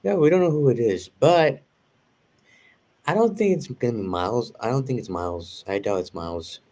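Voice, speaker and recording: A man's voice: medium pitch, expressive, moderate pace, a little mellow. A man talking casually as a guest, rambling with lots of fillers and restarts. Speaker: guest reviewing a show. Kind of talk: casual conversation.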